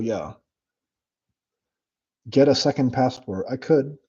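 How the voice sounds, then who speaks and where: A man hosting his own livestream, chatting casually with viewers in a blunt, profane and animated way. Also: mid-range voice, a little slow, muffled recording. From United States. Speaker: livestream host. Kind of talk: casual livestream chat reading comments.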